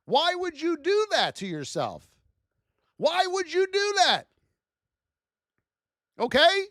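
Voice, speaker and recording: A man teaching trading on a livestream in a fired-up, preachy way, often yelling for emphasis. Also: very high-pitched, wildly swooping pitch, takes it slowly, dry recording, clean studio sound.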